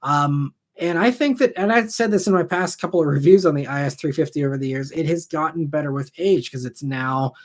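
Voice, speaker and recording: A young adult man hosting a live car chat, reading and answering viewer questions in a relaxed, rambling way full of ums and restarts. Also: on the high side, fairly quick, few pauses. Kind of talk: casual live-stream chat.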